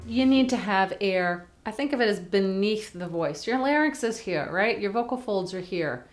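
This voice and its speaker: A woman voice teacher giving a chatty singing lesson, breaking into sung warm-up vowels to demonstrate. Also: medium pitch, expressive, normal speed, a little hiss or hum. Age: older. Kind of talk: vocal lesson to camera.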